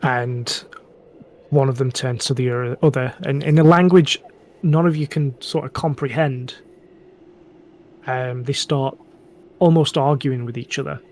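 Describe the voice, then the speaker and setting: A man's voice: mid-range voice, a little slow, pauses often, darkish tone. A man, narrating a tabletop game as dungeon master with many ums and restarts.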